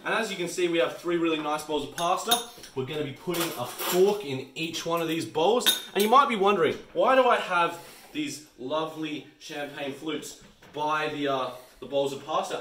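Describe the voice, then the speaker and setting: A man's voice: on the high side, fairly bright tone, a little hiss or hum. A young Australian man hosting a mock cooking show in a kitchen, sarcastic and swearing a lot. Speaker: comedy cooking host. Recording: echoey kitchen, mic far off.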